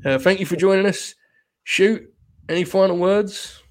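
A man's voice: high voice, normal speed. A man hosting a live-streamed podcast, joking and rambling with his co-host and laughing often. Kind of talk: casual wrestling chat on a live stream.

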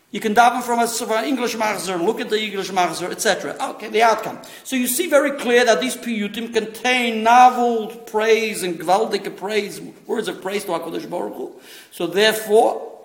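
A man giving a rambling, digressive informal religious lesson, sprinkling in Hebrew and Yiddish terms. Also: high-pitched. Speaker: Torah teacher. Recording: roomy echoey room.

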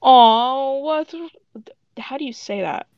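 A woman's voice: high voice, slow, clean tone, no echo, dull audio, voice pushed up. A woman voicing a smug, taunting female shadow villain in a babyish, mocking sing-song.

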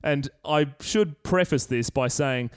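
An Australian man co-hosting a casual comedy podcast, telling stories with frequent laughter and gruff quoted voices. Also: fairly high pitch, slow. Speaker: podcast co-host.

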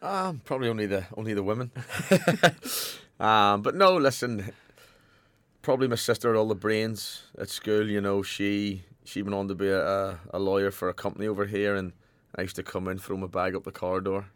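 A man's voice: on the low side, fairly even intonation, a little fast, a bit bright, dry recording. A man answering interview questions about football in a forthright, earnest way. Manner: forthright, earnest, repeats for emphasis. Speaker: football manager guest.

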